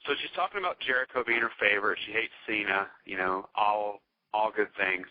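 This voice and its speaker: A man's voice: on the low side, brisk, a little hiss or hum. A man with a Southern US accent from North Carolina, rambling through a profane story as a podcast guest. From Charlotte, North Carolina. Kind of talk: casual storytelling chat. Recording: dull, dry podcast audio.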